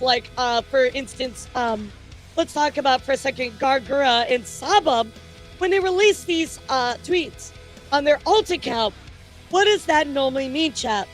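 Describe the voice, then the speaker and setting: A woman runs a laid-back streamer news show, chatting directly with her viewers over faint background music. Her high voice rambles along with jokes, stumbles, plenty of fillers and frequent restarts as she offers casual news commentary.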